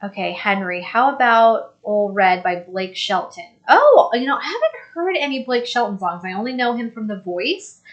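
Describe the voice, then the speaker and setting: A woman hosting a live stream, chatting casually and reading viewer comments aloud in an upbeat, think-out-loud way. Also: fairly high pitch, expressive, moderate pace, few pauses, lo-fi sound. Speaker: host.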